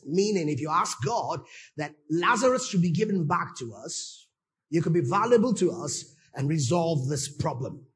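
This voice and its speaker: A man's voice: on the high side, lively intonation, normal speed. A male pastor preaching a sermon emphatically, often exclaiming praise and checking that listeners follow.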